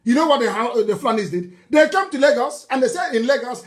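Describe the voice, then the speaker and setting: A man with a Nigerian accent giving an impassioned live broadcast speech, mocking and scornful, laughing and shouting at times. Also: very high-pitched, animated, quick pace, hardly any pauses. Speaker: political broadcaster.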